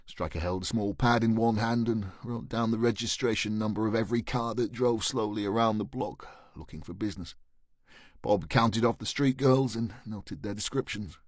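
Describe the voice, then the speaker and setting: Man, audiobook narrator, measured reading, dry recording. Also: fairly low pitch, fairly even intonation, dry recording. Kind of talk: scripted narration.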